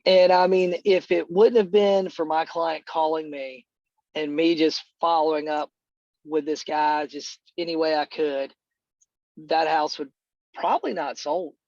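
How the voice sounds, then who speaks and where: A middle-aged man with a fairly high voice tells a long, rambling story, dropping "dude" and "man" all through it. The call audio is dry and a little dull. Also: fairly even intonation, measured pace, a little mellow, dry recording. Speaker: real estate agent.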